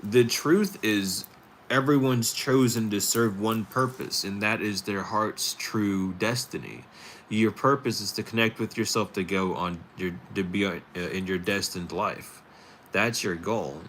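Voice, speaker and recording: A man hosting a spiritual talk stream, rambling casually with many fillers and pauses. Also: lowish voice, a bit bright, a little hiss or hum. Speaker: tarot stream host.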